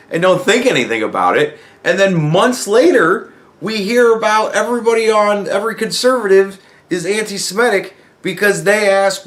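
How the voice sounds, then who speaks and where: A man's voice: sits high, expressive, normal speed, a bit bright. A man hosting a podcast who talks in a casual, profane monologue and acts out other people's replies. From United States. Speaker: podcast host.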